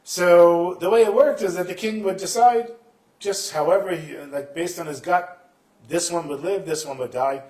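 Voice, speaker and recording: A man telling Hasidic stories to a live festival audience, acting out the characters with sudden shouted lines. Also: sits high, normal speed, echoey room. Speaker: storyteller.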